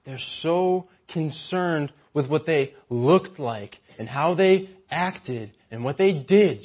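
A man's voice: on the high side, expressive, slow, few pauses, breathy edge, lo-fi sound. A man preaching a sermon with animation, often acting out mocking voices of the people he describes.

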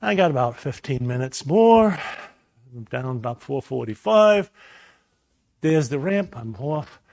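A man preaching a sermon, telling a personal story in a lively way and acting out the voices in it. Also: mid-range voice, a little slow, vocal fry, no echo. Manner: animated storyteller, acts out voices.

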